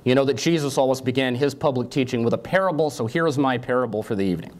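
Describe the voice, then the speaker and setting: A man's voice: medium pitch, racing. A man in his forties giving a university lecture in a conversational storytelling style, often checking in with "okay?". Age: 40s. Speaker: guest lecturer.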